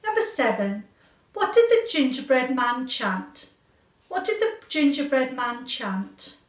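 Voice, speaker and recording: A woman teacher reading out a children's quiz, slow and clear, repeating each question. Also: high voice, very animated. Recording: echoey room, far from mic.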